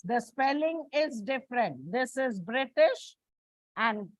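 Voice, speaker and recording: A woman's voice: fairly high pitch, expressive, slow, no room sound, low-quality recording. A woman from India giving a classroom lecture as an English teacher, explaining step by step with frequent restarts and fillers.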